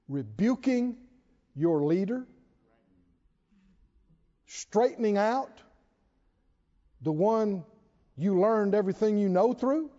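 Animated male preacher in an echoing hall. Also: high voice. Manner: animated, emphatic, with slow drawn-out stresses and chuckles. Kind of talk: sermon. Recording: dull sound with long hall reverb.

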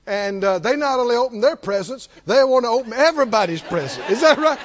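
A man preaching a sermon as pastor, animated and repetitive, calling on the congregation to answer back. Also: very high-pitched, fast, a faint crowd. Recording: dull lo-fi recording.

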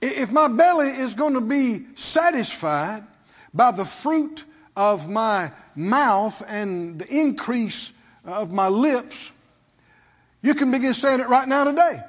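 A man's voice: very high voice, lively intonation, slow, long reverb tail, highs cut off. A man pastor preaching a sermon, prodding his congregation with rhetorical questions and call-and-response.

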